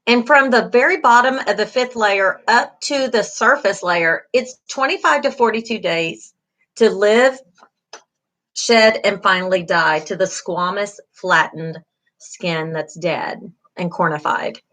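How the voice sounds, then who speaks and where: With an unhurried delivery and a medium-pitched, fairly bright tone, a middle-aged woman teaches an online beauty school lecture. She stays encouraging, leans on fillers and repeats the important terms often.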